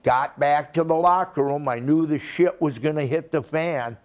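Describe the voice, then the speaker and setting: A man's voice: a little high, a little mellow, dull audio. An older man, a retired wrestler, telling rambling stories in an interview, acting out quotes and swearing freely. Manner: slow, rambling storytelling with profanity and acted-out quotes. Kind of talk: storytelling shoot interview.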